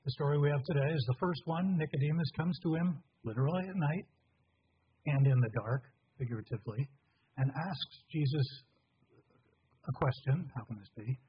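An older man preaching a sermon as a pastor, in a halting, conversational way with a husky voice. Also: fairly high pitch, slight background noise. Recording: dull lo-fi recording.

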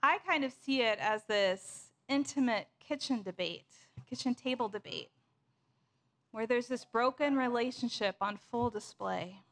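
Slow-spoken woman preaching a sermon. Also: on the high side, a bit bright. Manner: measured, storytelling delivery. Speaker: pastor.

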